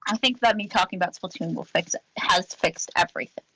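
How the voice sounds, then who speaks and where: A young woman co-hosting a casual podcast, playful and teasing with a quick, joking manner. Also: lowish voice, bright, forceful tone, breathy edge, dry recording, rough recording. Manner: playful, teasing, chanting jokes. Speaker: podcast co-host. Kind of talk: casual chat.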